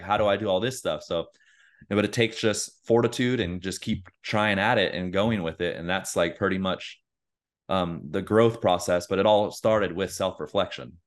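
A man co-hosting a podcast, talking in a loose, rambling casual way with lots of fillers. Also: on the low side. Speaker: podcast co-host. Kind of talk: casual chat.

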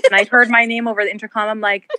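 A woman trades stories on a podcast, chatty and quick with joking asides. Her voice sits a bit high, recorded close and dry. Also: level tone, sharp tone, dry recording. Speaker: podcast co-host. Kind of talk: casual chat.

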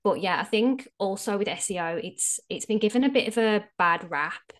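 A woman's voice: mid-range voice, animated, normal speed. An Australian woman, a guest strategist, explaining things frankly and casually in a podcast interview. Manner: explanatory, frank, with frequent fillers.

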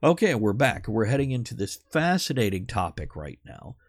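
Man, podcast host, rambling casual chat, low pitch, dry close sound. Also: big pitch swings, normal speed, dry recording. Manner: rambling, conversational, swears casually.

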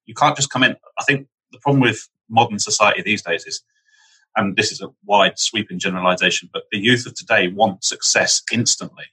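A man's voice: fairly low pitch, brisk, pushed and bright, slightly rough, rough recording. A man hosting a podcast interview, reflecting on his points at length and affirming his guest. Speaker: podcast host.

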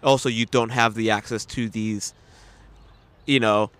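A man co-hosting a casual chat, relaxed and self-deprecating, explaining things evenly. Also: fairly low pitch, unhurried. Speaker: podcast co-host. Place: New York City.

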